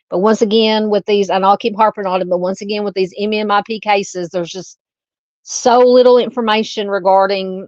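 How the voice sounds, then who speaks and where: A woman's voice: mid-range voice, darkish tone, dry recording. Chatty Southern woman on a dull live stream. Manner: rambling, chatty, lots of "you know" fillers. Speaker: true crime live-stream host. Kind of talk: casual live-stream chat.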